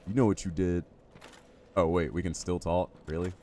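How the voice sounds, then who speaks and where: Deep-voiced chatty game streamer man. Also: steady tone, moderate pace, warm tone, a little hiss or hum. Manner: chatty, jokey, talks to chat. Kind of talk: live gameplay commentary.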